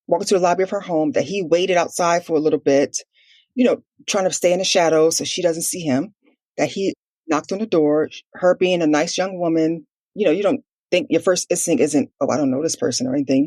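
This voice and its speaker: Husky-voiced woman telling a family story. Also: sits low, mellow, dry recording. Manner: earnest, quick retelling with quoted dialogue and many "like" fillers. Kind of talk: personal storytelling in a podcast interview.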